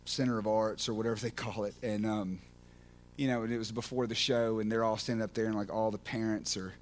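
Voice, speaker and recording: A man preaching passionately on a podcast, swinging from hushed prayer to shouted excitement, full of restarts and "man" and "you know.". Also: on the low side, a little fast, a little hiss or hum. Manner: repeats words and restarts, casual fillers like man and you know. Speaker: podcast speaker at a recovery ministry. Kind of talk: impassioned preaching.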